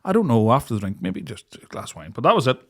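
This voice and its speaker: Fast and creaky, at a medium pitch, a young man co-hosting a podcast recounts a story in casual talk. He's lively, mimicking the voices of the people he quotes and breaking into laughter often.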